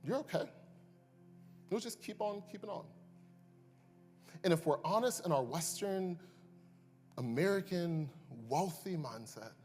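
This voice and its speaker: High-voiced impassioned preacher. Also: male voice, animated, a little slow, long pauses. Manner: swings from hushed asides to loud impassioned climaxes. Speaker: pastor. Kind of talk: sermon. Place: church sanctuary. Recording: long reverb, faint music behind.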